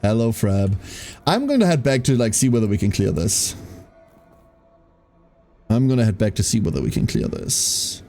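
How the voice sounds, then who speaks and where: A male streamer commenting live on his gameplay, thinking aloud and cursing freely. His pitch swings widely as he talks, and his tone is mellow and warm. Faint music plays underneath. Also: wildly swooping pitch, moderate pace, gravelly, long pauses. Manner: thinks aloud, swears, casual and frank.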